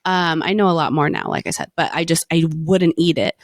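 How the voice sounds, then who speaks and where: A woman's voice: deep voice, brisk, dry recording, studio quality. A young woman from Florida co-hosting a podcast, telling a personal story in casual chat with self-mocking humor. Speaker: podcast co-host.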